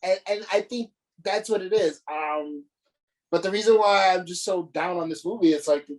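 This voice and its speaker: A man's voice: high voice, normal speed, rough recording. A man co-hosting a podcast, ranting in casual chat with plenty of profanity and exasperation. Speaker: podcast co-host.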